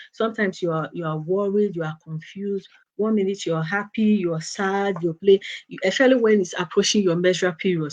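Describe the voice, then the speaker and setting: A woman hosting a casual advice talk for teenage girls, speaking gently with many restarts and "you know" fillers. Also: lowish voice. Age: adult. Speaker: host of a girls' talk channel.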